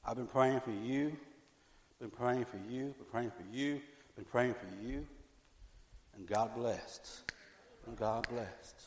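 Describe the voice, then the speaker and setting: A middle-aged man preaching a fervent sermon as pastor, repeating himself and swinging from loud to hushed. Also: mid-range voice, takes it slowly, pauses often. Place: church sanctuary. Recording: echoey church hall.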